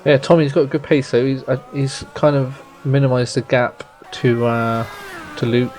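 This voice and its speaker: A man co-commentating an online sim race in a relaxed, easygoing way. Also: mid-range voice, moderate pace, slight background noise.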